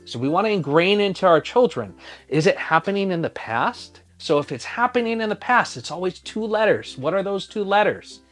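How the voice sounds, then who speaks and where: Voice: mid-range voice, lively intonation, normal speed. A teacher giving a phonics spelling lesson for young children, sounding out each letter patiently and asking the listener to spell along.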